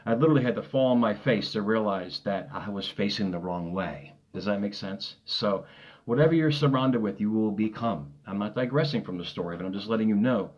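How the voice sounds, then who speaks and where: Motivational coach, male, lowish voice, chatty and rambling, dull lo-fi live-stream audio. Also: brisk. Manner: rambling, upbeat, laughs often, repeats himself. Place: home desk.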